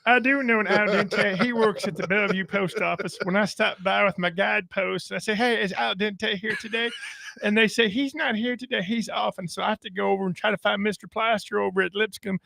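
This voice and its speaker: A man's voice: sits high, fairly even intonation, brisk, vocal fry, pushed and bright, no echo, exaggerated voice. A man voicing a chatty, scattered mailman character who rambles breathlessly through a long tale. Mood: rambling.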